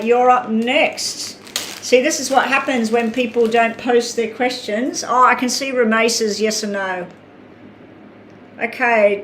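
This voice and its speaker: An Australian woman giving tarot readings on a live stream, chatting casually, reading out viewer names and talking while she eats. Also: a little high. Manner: chatty, reads out names, talks while eating. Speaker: tarot reader. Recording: echoey room with faint ambient noise.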